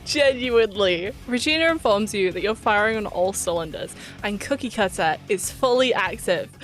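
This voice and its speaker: A woman's voice: medium pitch, animated, normal speed. Giggly British woman narrating a video essay. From Britain. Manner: giggly, chatty, self-deprecating. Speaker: YouTuber.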